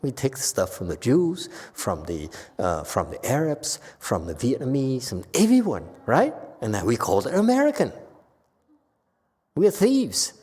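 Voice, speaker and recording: A man giving an informal Buddhist dharma lecture, talking conversationally with animated bursts and frequent restarts. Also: mid-range voice, unhurried, breathy edge. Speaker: Buddhist teacher. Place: temple lecture hall. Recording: long hall reverb.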